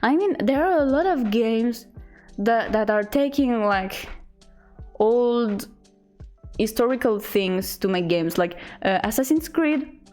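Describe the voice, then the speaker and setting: A young woman streamer in casual chat, reading out chat messages in a halting, giggly way. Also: on the high side, lively intonation, darkish tone, faint music behind.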